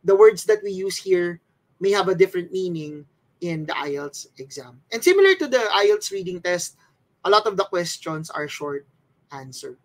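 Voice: mid-range voice, sing-song, normal speed, poor audio. A test-prep instructor from the Philippines, patiently explaining things step by step as a slide lesson.

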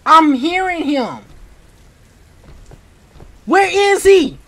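High-pitched voice, unhurried pace, horror game commentary, panicky, repeats short cries, sudden shouting, casual slang. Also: sing-song. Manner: casual slang-filled talk. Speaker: gamer.

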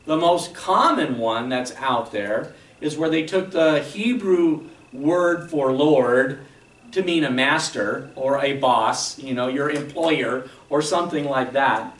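Male pastor teaching slow and steady in a roomy church, keeps asking okay?. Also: mid-range voice, recorded from a distance. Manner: explanatory teaching, frequent "okay?" check-ins. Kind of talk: sermon. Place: church sanctuary.

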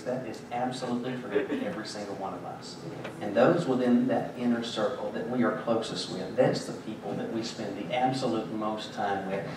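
A man preaching a sermon as pastor, in a conversational, joking storytelling way. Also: mid-range voice. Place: church sanctuary. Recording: very echoey church, distant mic, background noise.

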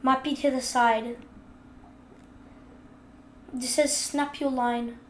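High-voiced woman chatting over gameplay. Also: little pitch movement, slow pace, reverberant, slight background noise. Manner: chatty, scolds the game's fish out loud. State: has the hiccups. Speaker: gaming video host. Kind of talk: casual gameplay commentary.

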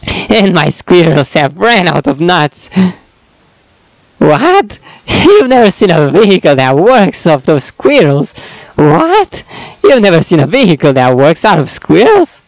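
A man voicing a puzzled male zombie who herds squirrels, in a squeaky, incredulous voice. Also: sing-song, a little slow, dry recording, heavily acted, poor audio.

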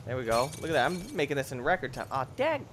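A young man giving excitable, jokey commentary over a video game, bursting into shrieks and yells. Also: medium pitch, rapid-fire, slight background noise. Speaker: gameplay commentator. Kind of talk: let's play commentary.

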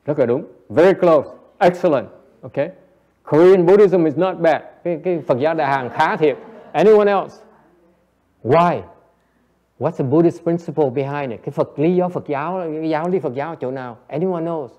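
A man with a high voice teaches a Dharma class. He jokes, coaxes answers from the room and laughs often, mixing English and Vietnamese as he explains. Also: fairly quick, darkish tone, highs cut off. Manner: playful, coaxing the audience, switching between English and Vietnamese; frequent laughter and repeated "yes, yes". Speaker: Buddhist teacher.

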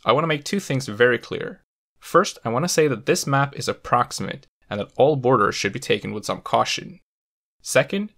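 A man hosting a language education video, giving a clear, methodical scripted explanation with touches of dry humor. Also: mid-range voice, bright, forceful tone. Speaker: host of a language education channel.

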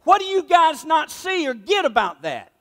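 A man preaching, voicing an indignant male apostle who shouts in exasperation. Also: extremely high pitch, very animated, moderate pace, in a large hall, full character voice. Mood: exasperated. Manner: shouting, emphatic.

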